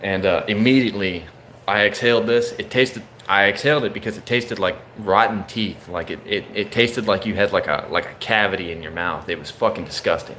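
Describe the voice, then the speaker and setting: A man's voice: fairly low pitch, brisk, a bit bright, slight background noise. A young man casually telling a story, loose and profane, saying bro often.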